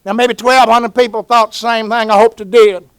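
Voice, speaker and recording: A man's voice: extremely high pitch, level tone, normal speed, a bit bright, clean tone, no echo. A man with a Southern US accent gives a folksy, earnest personal testimony as a speaker at a recovery meeting. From Georgia, US.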